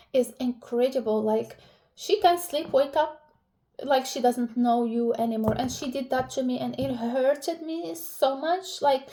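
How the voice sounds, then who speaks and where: A woman's voice: sits high, dark tone. A young woman vlogger talking casually and emotionally to camera about relationships, with lots of fillers and restarts. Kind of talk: casual personal talk to camera.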